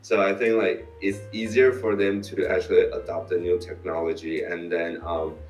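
Man, very low voice, hesitant with many fillers, distant mic, echoey room, faint music behind. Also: little pitch movement, darkish tone. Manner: halting, full of fillers and restarts. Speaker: interview guest, crypto YouTuber. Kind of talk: casual interview chat. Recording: roomy echo, mic set far off.

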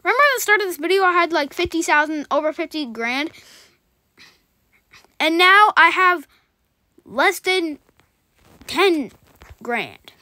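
Woman, gameplay host; fast, rambling, excitable, dry close sound. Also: very high voice, no room sound. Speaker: gaming channel host. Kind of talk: gameplay commentary.

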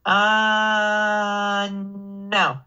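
A woman's voice: mid-range voice, completely flat delivery, very slow, bright, forceful tone, clean tone, highs cut off. A woman chatting off-mic with her son, giving brief, dry replies. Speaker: streamer's mother. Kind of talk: casual chat off-mic.

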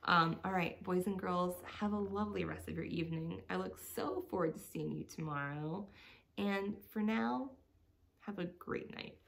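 A woman teacher reading a bedtime story aloud to children, stopping gently to explain words. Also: fairly low pitch, normal speed, creaky.

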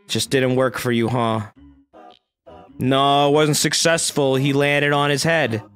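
A game streamer offers casual let's-play commentary, cracking jokes over the play-by-play, reading the game's dialogue aloud, and swearing freely. The voice is mid-range and a bit bright.

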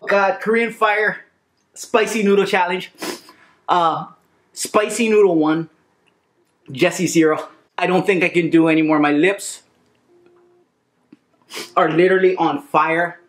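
A man's voice: high-pitched, fairly even intonation, a little slow, pauses often, a bit bright. A man talking to the camera in a casual food-challenge vlog, blunt and swearing freely. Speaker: vlogger. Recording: echoey room.

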